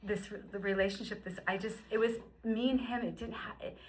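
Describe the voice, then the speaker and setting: A woman in her fifties telling a personal faith testimony in an emotional, animated storytelling way. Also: medium pitch, brisk, low-quality recording. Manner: emotional, animated storyteller who acts out quotes. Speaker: guest sharing her story.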